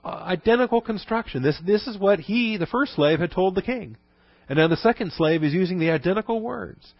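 A man's voice: high voice, lively intonation, fairly quick, no echo, lo-fi sound. Man preaching in a conversational tone. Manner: conversational teaching with asides and emphatic stresses. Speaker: pastor. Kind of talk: sermon.

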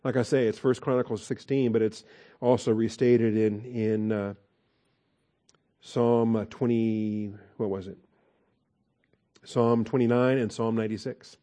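Man, pastor, conversational sermon, mellow tone, rhetorical questions. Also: lowish voice, fairly even intonation, measured pace, pauses often.

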